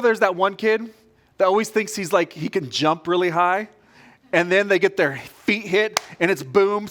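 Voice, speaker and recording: High-voiced preacher telling a story. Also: male voice. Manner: storytelling, animated, addresses congregation directly. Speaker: pastor. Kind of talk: sermon.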